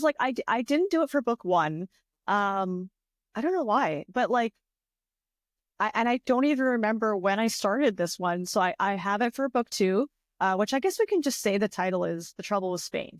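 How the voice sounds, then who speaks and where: A young woman co-hosting a casual podcast, chatting in an animated, rambling way and laughing often. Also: medium pitch, no echo, studio quality. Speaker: podcast co-host and author. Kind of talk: casual chat.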